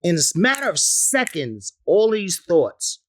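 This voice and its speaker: A man's voice: high-pitched, very animated, takes it slowly. A man, a rapper telling stories in an interview, profane and laughing often. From the Bronx, New York. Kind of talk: animated storytelling in an interview.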